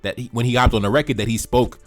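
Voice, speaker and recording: A man's voice: medium pitch, fast talker. Laid-back Haitian man chatting about music. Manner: laid-back, repeats phrases, frequent shout-outs. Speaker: music reaction video host. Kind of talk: casual reaction commentary.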